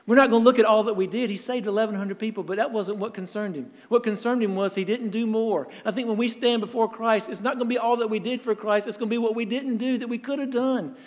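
Male pastor, high voice, earnest storytelling sermon, long hall reverb. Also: steady tone, a little mellow. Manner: earnest preaching with storytelling and dramatic pauses.

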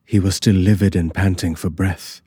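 A man slowly narrating a classic horror story in a measured, dramatic way. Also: deep voice, steady tone, dark tone, slightly rough, no echo, clean studio sound.

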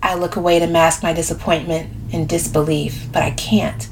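A woman's voice: sits low, moderate pace, gravelly, a little hiss or hum. A woman narrating first-person fiction as an audiobook, telling it expressively. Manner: expressive storytelling.

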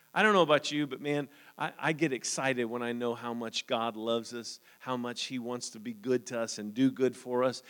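A man's voice: mid-range voice, steady tone, moderate pace, a bit bright, clean tone. A man preaching a sermon as pastor, reading scripture aloud and then talking earnestly to the congregation, often asking "Amen?". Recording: long hall reverb.

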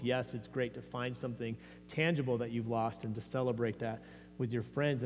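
A man's voice: mid-range voice, a little mellow. A man preaching a sermon as pastor, earnest and conversational, often restarting his phrases. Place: church sanctuary. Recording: long hall reverb, faint mains hum.

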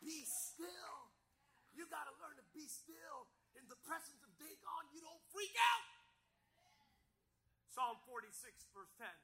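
Brief: male preacher, sharp bright tone, repetitive and emphatic sermon delivery. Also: very high-pitched, lively intonation, slow pace, a little hiss or hum, rough recording. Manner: rhetorical questions, repetition, emphatic.

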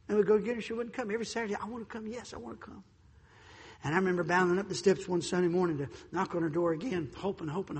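A man preaching a sermon, telling stories in an animated way, acting out voices, and swinging between loud and soft. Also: sits high, slightly rough, long reverb tail. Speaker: pastor.

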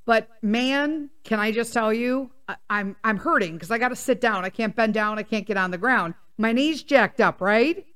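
A woman with a smooth, clear voice pitched a little high tells a long casual story as a talk-show host. She rambles through restarts and asides, swears freely and rants with animated energy. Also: moderate pace, few pauses. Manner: profane, animated ranting. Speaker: podcast host.

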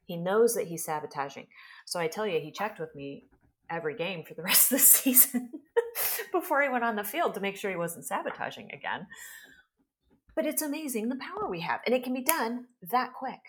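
A woman in her forties, a podcast guest telling a story with lively energy and acting out what others said. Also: medium pitch, brisk. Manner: animated storyteller, acts out quoted speech. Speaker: guest, healer and trauma specialist.

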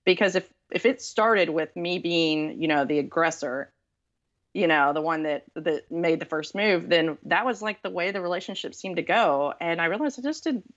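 A woman's voice: fairly low pitch, moderate pace, fairly bright tone, dull audio. Chatty woman telling dating stories. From Southern US, Texas. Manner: chatty, self-deprecating, many fillers. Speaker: author guest. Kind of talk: casual storytelling interview.

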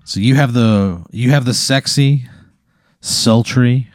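A man's voice: mid-range voice, slow pace, no room sound, clean studio sound. A man co-hosting a comedy podcast, spinning an improvised hypothetical in a rambling way with lots of fillers. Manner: rambling storyteller, many "like" fillers. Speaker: podcast co-host posing a hypothetical.

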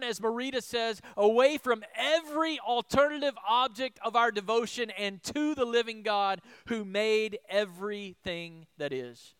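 High, animated preacher man. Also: smooth, no room sound. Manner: animated, rhetorical questions, shifts between loud emphasis and soft asides. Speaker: pastor. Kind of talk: sermon.

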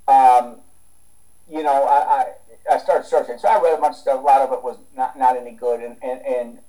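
A man's voice: mid-range voice, mellow, rough recording. A man from the United States, a strength coach talking as a guest in a casual interview, rambling with many restarts and fillers.

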